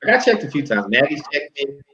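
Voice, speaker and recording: A man's voice: mid-range voice, big pitch swings, quick pace, bright, forceful tone. A man, a podcast co-host, joking candidly in casual chat and repeating himself. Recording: dull lo-fi recording.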